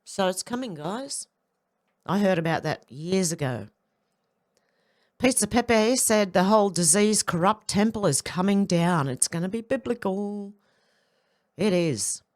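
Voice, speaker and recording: A woman's voice: mid-range voice, expressive, measured pace, pauses often. Blunt irritable woman ranting. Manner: blunt and irritable, swearing, sarcastic asides. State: sore back and headache. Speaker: commentary channel host. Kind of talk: casual opinion commentary over clips.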